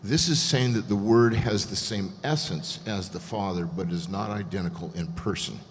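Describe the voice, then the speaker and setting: A man calmly explaining Greek grammar point by point as a guest scholar. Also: sits low, a little hiss or hum. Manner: measured, methodical explanation. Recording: echoey hall, faint ambience.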